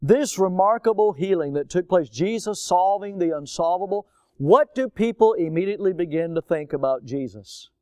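A man's voice: high voice, lively intonation, normal speed, warm tone, no echo, studio quality. A male pastor preaching a sermon, posing rhetorical questions and repeating key words for emphasis, then leading a prayer. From United States.

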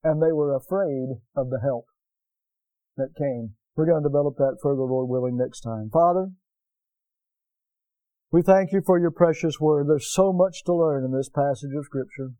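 A man preaches an earnest sermon, calling to the congregation for responses and moving into prayer. His voice sits a little high for a man but stays mellow. The sound is dry and close, with no room echo. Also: normal speed. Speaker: pastor.

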